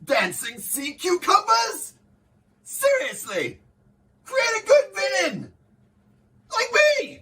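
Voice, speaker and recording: A man putting on a shrill, wailing voice for a vain, jealous male trickster god villain in a comedy skit. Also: huge pitch swings, takes it slowly, pauses often, pushed and bright, recorded from a distance, full character voice. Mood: whining, indignant.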